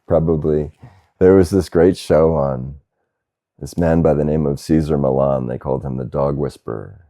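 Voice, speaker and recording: A man speaking as a spiritual teacher in a satsang talk, gentle and unhurried, with soft laughs and a questioning "huh?". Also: rumbling low, steady tone. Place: Asheville, North Carolina.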